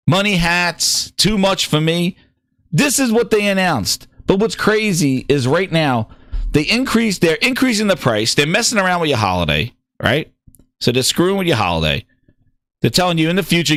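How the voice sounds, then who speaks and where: A man hosting a gaming news livestream, ranting in an excitable, profane and mocking way. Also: high-pitched, moderate pace, dry recording, clean studio sound. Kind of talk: livestream rant.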